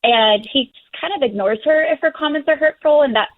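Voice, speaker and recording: A young woman calling in on a tinny phone line with a somewhat high voice. She speaks haltingly, full of ums and restarts, and sounds close to tears. The line sounds dry and narrow. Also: dry recording. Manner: hesitant, many ums and restarts, near tears. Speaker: caller. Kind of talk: phone-in call.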